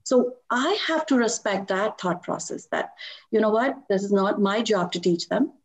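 A middle-aged woman sharing personal devotional stories in a lively talk, laughing often as she tells them. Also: medium pitch, moderate pace. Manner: animated storytelling with frequent laughs.

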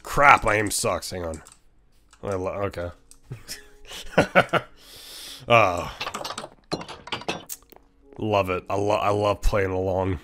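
A man streaming a game, giving casual, excitable commentary, laughing often and teasing other players. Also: low-pitched, slow, long pauses, slight background noise.

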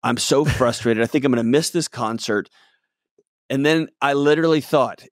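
A middle-aged man talking as a guest expert, telling stories emphatically with sudden jumps up and drops to soft low tones. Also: normal speed, no room sound, studio quality. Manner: emphatic, swings between loud excited and soft low tones. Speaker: guest mental health expert. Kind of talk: animated storytelling in conversation.

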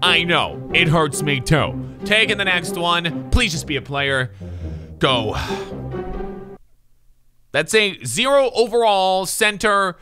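A young gaming commentator with a high voice that leaps all over the place. He talks in a loud, sarcastic way, jumping from yelps to low mutters. Music plays clearly under him. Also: slow, pauses often. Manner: loud, animated and sarcastic, swinging between shouts and mutters. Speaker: gaming YouTuber. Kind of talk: video game commentary.

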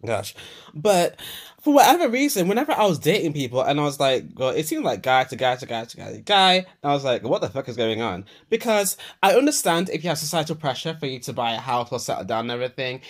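A man's voice: fairly high pitch, very animated, fast talker. A young man, hosting a podcast in an unscripted voicenote monologue, swearing freely and rambling through a rant full of fillers. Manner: profane, meandering rant with many fillers. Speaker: podcast host.

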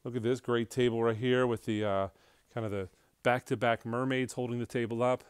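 A man's voice: medium pitch, steady tone, fairly quick, clean tone, no echo, studio quality. A man from an auction house narrating a casual walkthrough video of a large showroom, chatty and enthusiastic, with frequent fillers and restarts.

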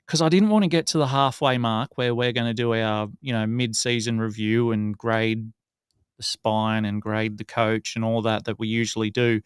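An Australian man co-hosts a laid-back sports podcast, chatting away, firing off statistics and poking fun at himself. His voice sits on the low side with a steady tone, smooth delivery and normal pace. The recording is dry and clean, with studio quality.

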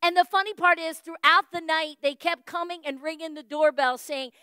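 A woman pastor, telling a story in a sermon with folksy, animated delivery and acted-out dialogue. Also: extremely high pitch, normal speed, no room sound. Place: church.

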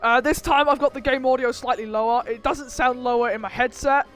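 A woman voicing a brash, violent male cartoon bear who gives loud, mocking let's play commentary and laughs often. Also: high voice, steady tone, brisk, soft background music, natural voice. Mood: excited. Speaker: gamer. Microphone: headset.

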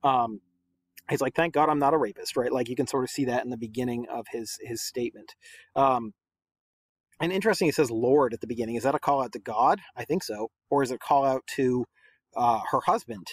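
A man's voice: medium pitch, brisk, husky, dry recording. A man teaching a poem in a casual lesson, chatty and full of rhetorical questions and fillers.

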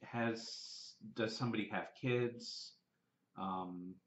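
A man's voice: fairly low pitch, steady tone, takes it slowly. A man from the American South with a Southern accent, musing aloud in a casual vlog and rambling through restarts and fillers. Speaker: vlogger. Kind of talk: casual thinking-aloud monologue. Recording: roomy and dull, lo-fi.

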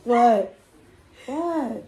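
A woman's voice: a little high, expressive, extremely slow, mellow, a little hiss or hum. A woman vlogging casually on a handheld phone, chatting to viewers and calling them "y'all". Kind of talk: casual travel vlog chat.

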